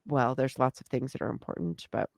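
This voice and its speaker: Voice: medium pitch, fairly even intonation, a little fast, vocal fry, no room sound, clean studio sound. A co-host musing aloud in a reflective talk, with trailing sentences and many fillers. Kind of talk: reflective conversation.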